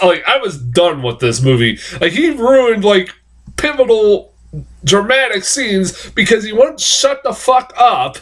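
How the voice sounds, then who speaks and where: A man's voice: sits high, sing-song, a little slow, fairly bright tone. A man giving a casual spoken film review, ranting and swearing in exasperation. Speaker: movie reviewer.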